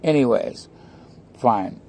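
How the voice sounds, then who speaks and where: Gravelly man ranting profanely. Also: medium pitch, lively intonation, takes it slowly, warm tone. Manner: rambling, profane, jumps between topics. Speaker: vlogger. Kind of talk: casual rant to camera. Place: at his home.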